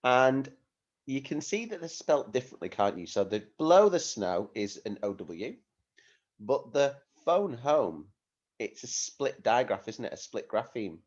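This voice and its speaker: A male primary school teacher giving a phonics lesson to young children, speaking slowly in a sing-song way and asking many tag questions. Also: mid-range voice, very animated, muffled recording.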